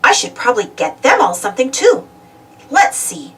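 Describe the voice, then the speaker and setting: A woman's voice: high voice, normal speed, far from the mic, pitched above the performer's own voice, exaggerated voice. A woman voicing an eager, greedy male cartoon duck, who exclaims a lot, a little away from the mic. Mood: curious. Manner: excitable, exclaiming.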